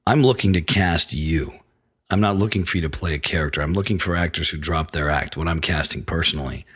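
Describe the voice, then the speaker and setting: A man's voice: very deep voice, fairly quick, a bit bright, breathy edge. A man who directs films hosts a radio advice segment for actors, talking frankly and wryly. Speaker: film director and acting coach, radio segment host.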